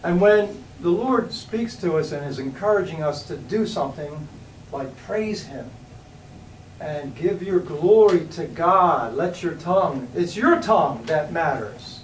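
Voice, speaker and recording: A man's voice: fairly high pitch, lively intonation, a little hiss or hum. Man telling a testimony in an echoey hall. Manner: rambling, halting storytelling with restarts and sudden raised outbursts. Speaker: church speaker giving a testimony. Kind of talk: testimony sermon. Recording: echoey room, voice from a distance.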